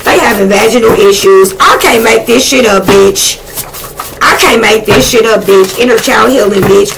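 A woman giving a casual tarot reading, blunt and excitable, swearing freely as she talks to spirit. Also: on the high side, normal speed, vocal fry, heavy background noise. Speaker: tarot reader.

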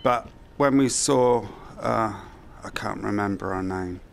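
A man muses aloud through a let's-play, unhurried and gravelly, muttering his plans into a headset mic. Faint game sounds hum behind him. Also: lowish voice. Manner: thinking aloud, muttering to himself. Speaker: gamer.

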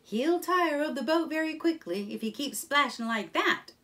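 A woman's voice: high-pitched, expressive, moderate pace, fairly bright tone, distant mic, voice pushed up. A woman voicing a friendly, easygoing male water rat with a cheerful, hospitable manner, in a children's storybook reading.

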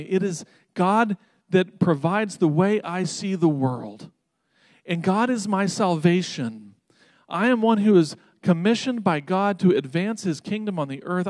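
Higher-voiced pastor preaching in a dry room. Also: male voice, dry recording. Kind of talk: sermon.

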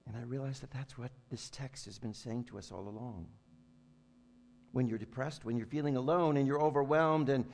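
A man preaching a sermon as pastor, building to loud emphatic lines and then dropping to soft, quiet tones. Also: fairly high pitch. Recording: long hall reverb with faint hum.

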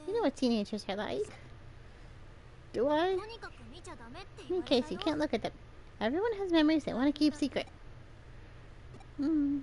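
High-voiced woman streamer reading game lines. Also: big pitch swings, unhurried, long pauses, a little mellow. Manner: reads dialogue in several voices between casual asides. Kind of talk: reading game dialogue aloud on a live stream.

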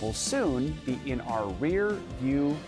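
A man anchoring a morning news broadcast with lively delivery and light joking banter. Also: medium pitch, slow pace. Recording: studio voice over theme music.

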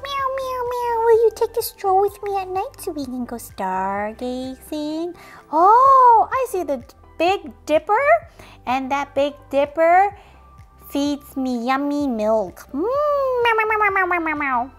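Lady doing a little baby kitten toy, squeaky high meows, sing-song and dreamy. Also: very animated, slow, soft background music, full character voice.

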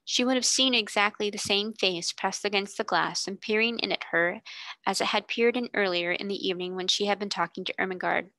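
Bright-voiced woman reading a novel. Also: medium pitch, fairly quick, no echo. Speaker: tutor reading aloud. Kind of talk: reading a classic novel aloud.

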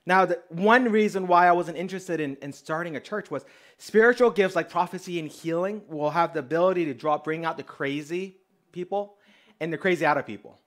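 A man preaching as a pastor, telling a personal story in an animated way and acting out the dialogue. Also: high voice, fairly quick. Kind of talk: storytelling sermon.

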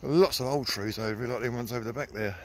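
A man's voice: medium pitch, quick pace, slight background noise. An Englishman giving a casual running commentary outdoors in the countryside while coaxing his dog along. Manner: chatty, coaxing the dog in a sing-song voice. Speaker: vlogger walking his dog. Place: outdoors in countryside with old trees.

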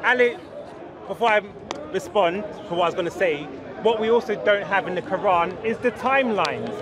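A man arguing his point in an outdoor debate, measured and persistent. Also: sits high, animated. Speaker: Christian street debater. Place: busy outdoor park with a crowd. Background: crowd talking.

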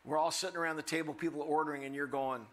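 An older man delivers a sermon with a bright, forceful tone. He preaches in an animated way, with humorous asides, and slips into the voices of the people he quotes. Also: a little high, rapid-fire, slight background noise. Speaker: guest preacher.

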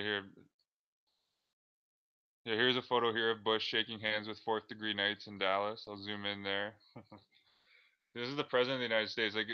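A man talks through on-screen material in a halting, filler-heavy way. His voice is low and flat, with a smooth tone. The recording sounds dull and lo-fi. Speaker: video creator. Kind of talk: casual screen-share commentary.

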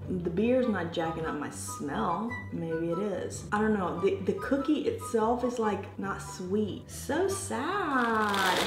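A woman's voice: mid-range voice, echoey room. A woman with an American accent hosting a casual taste-test vlog, chatting straight to her viewers. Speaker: vlogger.

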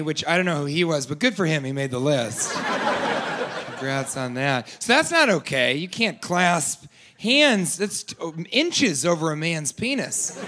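A man doing a stand-up comedy set, deadpan with rambling asides, audience laughing. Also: on the high side, measured pace, background noise.

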